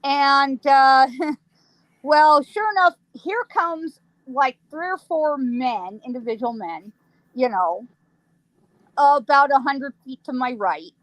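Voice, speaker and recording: Animated high-voiced woman telling ghost stories. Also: slow, no room sound, rough recording. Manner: lively, laughs often, acts out sounds. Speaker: psychic guest.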